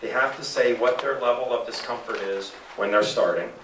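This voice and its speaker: A man giving an animated sales presentation to a live audience, asking the room questions. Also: medium pitch, moderate pace, slight background noise. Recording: echoey room from a distance.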